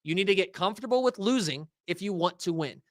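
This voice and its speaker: A high-pitched man with lively intonation and a quick pace hosts a livestream, delivering a casual, profane market rant to his chat in slangy language. The audio is studio quality with no echo.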